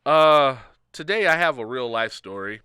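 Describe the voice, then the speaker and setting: A man co-hosting a podcast, telling a story in a casual, animated way and acting out the people he quotes. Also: mid-range voice, normal speed, background noise. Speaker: podcast co-host.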